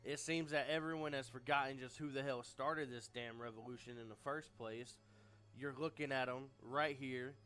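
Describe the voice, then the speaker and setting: A man's voice: medium pitch, fairly even intonation, moderate pace, bright, forceful tone, soft background music, close to an everyday voice. Man doing a grumbling, confrontational wrestler.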